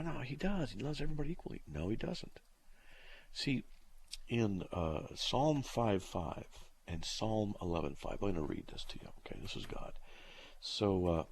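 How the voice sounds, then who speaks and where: A middle-aged man with a low, husky voice hosts a live call-in radio show. He talks bluntly and plainly, and his dry humor gives his speech a lively rise and fall in pitch. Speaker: radio host answering listener questions.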